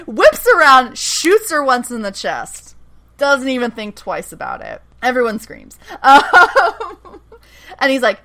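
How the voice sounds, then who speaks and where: A woman with a bright, forceful voice chats casually as a podcast co-host. She recaps a show with animated retellings and quoted dialogue, laughing often. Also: on the high side, a little slow. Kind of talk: casual chat.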